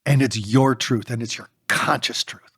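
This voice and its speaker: A man co-authoring a book, talking in an animated way in a podcast discussion and firing off rapid rhetorical questions. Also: medium pitch, gravelly, slightly rough, dry recording, clean studio sound. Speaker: co-author and speaker.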